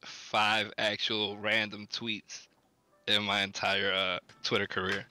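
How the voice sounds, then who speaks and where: A man's voice: on the low side, level tone, takes it slowly, bright, forceful tone, smooth, dry recording. A young man as a podcast guest, laid-back and dry, with casual slang. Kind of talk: casual chat.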